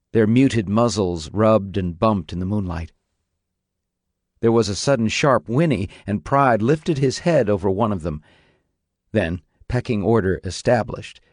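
Measured male narrator, low voice. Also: dry recording, clean studio sound. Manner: measured, even storytelling. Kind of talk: audiobook reading on radio.

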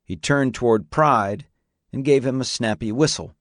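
A man narrating a story in a steady, measured audiobook reading. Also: mid-range voice, no room sound, studio quality.

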